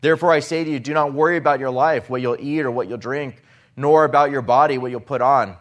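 A male preacher delivering a sermon in an earnest, steady voice of middle pitch. He swells into emphatic, raised passages when quoting scripture, then drops back to a quieter teaching tone. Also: fast.

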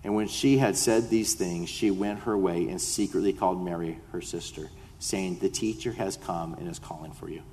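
A man's voice: deep voice, moderate pace, darkish tone, slight background noise. A male pastor reading scripture aloud and explaining it in a conversational sermon, building to impassioned appeals. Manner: reads scripture then explains it conversationally, rising to impassioned pleas. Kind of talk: expository sermon. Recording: long hall reverb.

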